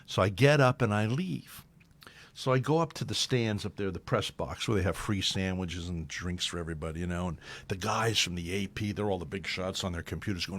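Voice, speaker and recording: Gravelly, low, and brisk, this man's voice has no echo. He hosts local talk radio and, in an easygoing conversation, tells a wandering anecdote, animatedly acting out the lines of other people.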